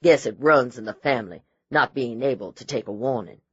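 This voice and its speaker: A man's voice: medium pitch, a little fast, slightly rough, dry recording, close to an everyday voice. A man narrating an audiobook voices a smug, menacing male sheriff who taunts and brags, on dry, slightly dull audio. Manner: taunting, bragging, condescending.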